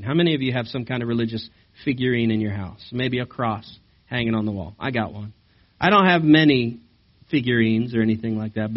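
Pastor preaching a lively sermon. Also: male voice, medium pitch. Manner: animated, asks the congregation questions. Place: church service. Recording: slightly dull recording.

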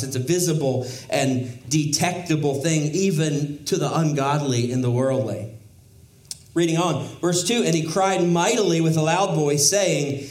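A man's voice: medium pitch, darkish tone, reverberant, low-quality recording. A man preaching an expository sermon, teaching in a conversational way with wry asides and emphatic rises in his voice. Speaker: pastor.

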